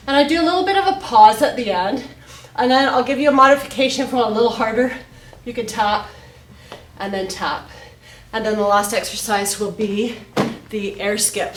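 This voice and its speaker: A woman fitness instructor coaching a follow-along home workout, cueing each move as she exercises and getting breathy between sets. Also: a little high, distant mic. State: out of breath at times. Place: home workout studio, indoors. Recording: echoey room, voice off-mic.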